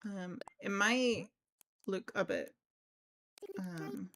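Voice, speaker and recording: Drawing out her words in a fairly bright, medium-pitched voice, a woman streams a cozy life-sim game. She chats casually and thinks out loud, filling pauses with lots of ums.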